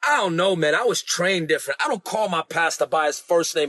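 A man's voice: a little high, expressive, fairly quick, few pauses, pushed and bright, no echo. A man preaching a sermon, emphatic, repeating lines and urging listeners to say them back.

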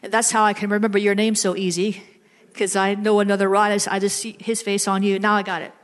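A woman preaching a sermon, telling stories in a chatty way and slowing into drawn-out, emphatic prayer. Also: medium pitch, level tone. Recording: music playing behind the voice.

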